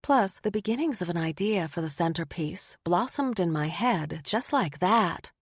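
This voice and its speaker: A woman reading a first-person story aloud, expressive and lively. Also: on the low side, normal speed, breathy edge, no echo, studio quality. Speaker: audiobook narrator. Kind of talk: scripted first-person narration.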